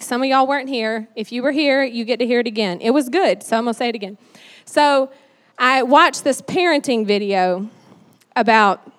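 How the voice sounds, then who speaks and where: A woman giving a conversational sermon, chatty and animated with lots of fillers. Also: fairly high pitch. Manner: chatty and animated, many "like"s and "you know"s. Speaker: church speaker. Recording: long hall reverb.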